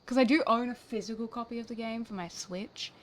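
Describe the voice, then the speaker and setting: A woman's voice: on the high side, brisk. A young woman streaming a game, chatting casually with blunt, swearing asides. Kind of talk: casual chat while gaming.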